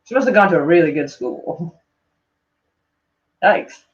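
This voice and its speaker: A woman's voice: fairly low pitch, animated, a little slow, muffled recording. A woman live-streaming in a casual chat, reading tweets aloud to her viewers, swearing freely and laughing often.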